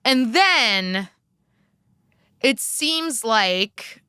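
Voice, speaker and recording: A woman's voice: on the high side, lively intonation, very slow, bright, forceful tone, clean tone, no room sound, clean studio sound. A young American woman co-hosting a podcast, chatting candidly about politics and swearing freely. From United States. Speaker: podcast co-host. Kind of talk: casual political chat.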